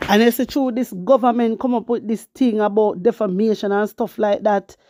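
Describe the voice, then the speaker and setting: In a dry, clean studio recording, a Jamaican woman with a medium-pitched voice talks politics casually at normal speed. Calling her viewers wisdom warriors and speaking right to them, she's animated, mixes patois with English, and reads news excerpts aloud.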